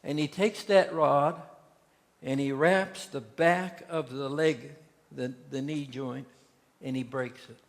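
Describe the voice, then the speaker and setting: Gravelly and mid-range, a man's voice moves slowly with fairly even intonation as he preaches a sermon. The pastor tells folksy stories in a church sanctuary, acting out the quotes, under a long hall reverb.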